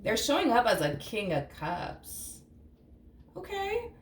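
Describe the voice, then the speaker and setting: A woman with a higher voice that swoops wildly in pitch speaks slowly as she gives a blunt, casual tarot reading, swearing freely and acting out imagined reactions in quotes. The room is echoey with a faint hum.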